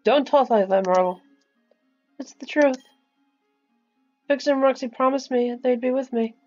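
A woman voicing a frail, dying young girl who talks slowly and forlornly, in a game's story scene. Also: sits high, a little mellow, lo-fi sound, faint music behind, pitched above the performer's own voice, lightly acted.

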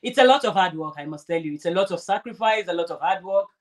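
A woman's voice: fairly low pitch, expressive, fast talker. A woman vlogger chatting casually while sewing, rambling and restarting her sentences. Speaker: crafter vlogger.

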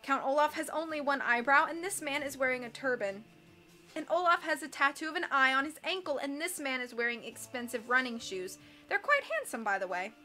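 A woman's voice: sits high, expressive, brisk, sharp tone, faint music behind. A woman doing a prim, lecturing banker man. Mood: stern.

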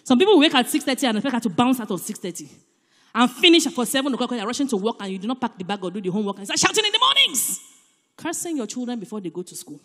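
Nigerian woman speaking at church, high voice, animated and emphatic, long hall echo. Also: very fast. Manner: animated, emphatic, shifts between loud and soft. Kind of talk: church talk on parenting.

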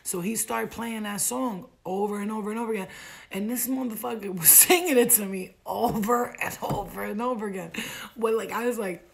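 A young American woman telling a funny travel story to camera, animated and profane, laughing often. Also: medium pitch, brisk, vocal fry. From United States. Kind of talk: storytime vlog.

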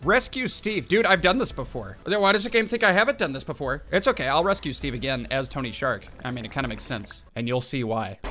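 A young man giving excited let's-play commentary on a game, with sudden loud outbursts and gasps. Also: fairly high pitch. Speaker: gaming YouTuber. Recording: game music behind the voice. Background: game music.

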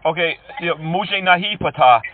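A man making prank phone calls to scammers, mocking and insulting them, switching from fake politeness to yelling. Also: on the high side, expressive, normal speed, slight background noise. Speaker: scam-baiting prank caller. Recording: tinny phone-call audio.

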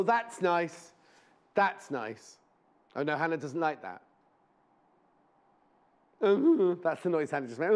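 Speaking with affection to his viewers, a live shopping presenter in a TV studio drifts through rambling stories. His voice sits a little high.

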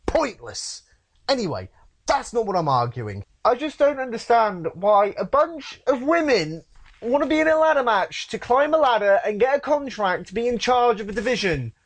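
A man's voice: very high voice, big pitch swings, a little slow. A man co-hosting a casual podcast chat, ranting in an exasperated tone. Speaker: podcast co-host.

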